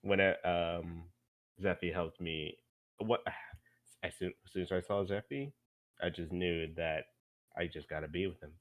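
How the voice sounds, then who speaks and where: A man voicing a sleepy, awkward helper character, talking in halting starts. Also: deep voice, fairly even intonation. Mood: earnest. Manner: halting, hesitant.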